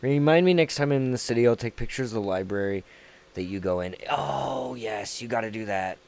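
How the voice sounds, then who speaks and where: A man's voice: mid-range voice, expressive, a little fast, creaky, darkish tone. A man with a Southern US accent, hosting a livestream and chatting casually with his viewers in a rambling, profane, laid-back way. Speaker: livestream host.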